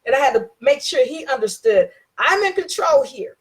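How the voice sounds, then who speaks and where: A woman's voice: sits high, expressive, moderate pace. A woman giving an informal talk on contract rights. She tells a personal story, repeats herself for emphasis and acts out both sides of the dialogue.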